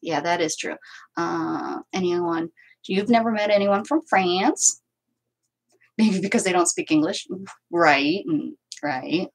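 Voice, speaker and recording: Husky chatty woman crafting at home. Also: fairly low pitch, slow, poor audio. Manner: chatty, rambling, answers viewer comments aloud. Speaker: crafting channel host. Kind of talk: casual livestream chat while crafting. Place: at home with her cats.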